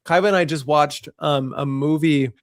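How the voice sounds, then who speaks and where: A man talking casually as a podcast guest, enthusiastic and quick to laugh, rambling through his thoughts. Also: on the high side. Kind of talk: casual chat.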